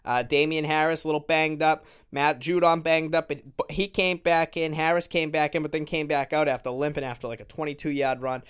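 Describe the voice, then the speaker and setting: A young man hosting a solo sports podcast from his bedroom, ranting with lots of swearing and sudden shouts. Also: fairly high pitch, fairly even intonation, brisk, hardly any pauses, clear, resonant tone. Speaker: podcast host.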